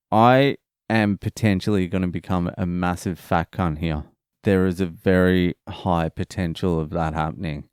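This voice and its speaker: Sleepy and dryly funny, a young Australian podcast host swears and wanders through a relaxed solo monologue. He sits low with a darkish, clean tone, recorded without any room sound.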